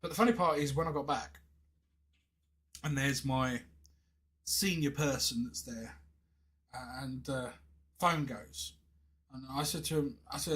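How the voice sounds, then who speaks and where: A man's voice: mid-range voice, measured pace, pauses often, fairly bright tone, rough recording. An English man in his thirties, a game streamer telling a story in a chatty, indignant way with many restarts. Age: 30s. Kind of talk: casual storytelling while gaming.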